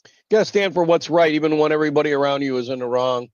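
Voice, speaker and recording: A man's voice: a little high, quick pace, darkish tone, clean tone, dry recording, lo-fi sound. A man hosting a livestream, ranting bluntly and swearing constantly. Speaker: livestream host. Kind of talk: casual livestream rant.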